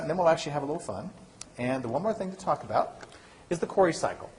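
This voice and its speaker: A man giving a university lecture, lively and asking the class questions he then answers himself. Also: fairly high pitch, quick pace, slight background noise. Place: lecture hall.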